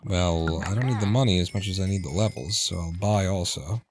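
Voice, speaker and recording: Low-voiced man streaming a game. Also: brisk, music in the background. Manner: relaxed, muttering to himself. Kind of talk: casual gameplay commentary. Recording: noisy home recording.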